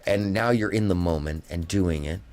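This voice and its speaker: A man's voice: sits low, moderate pace, darkish tone, faint music behind. A man hosting a live call-in stream, telling stories in a rambling, emphatic way. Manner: rambling storyteller, emphatic, drifting pace. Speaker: livestream call-in host. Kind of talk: casual call-in chat.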